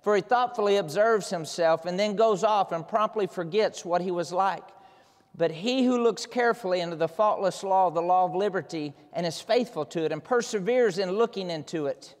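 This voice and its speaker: High-voiced preacher roaring in a hall. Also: male voice, moderate pace. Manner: dramatic storytelling, bursts into roars. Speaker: pastor. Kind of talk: sermon.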